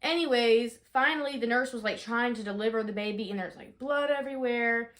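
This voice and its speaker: A young woman in her twenties, telling a story casually in a vlog, chatty and full of fillers, shouting out the dramatic parts. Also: on the high side, fairly quick. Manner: chatty, animated, lots of fillers, rises to shouting in re-enactments. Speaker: vlogger.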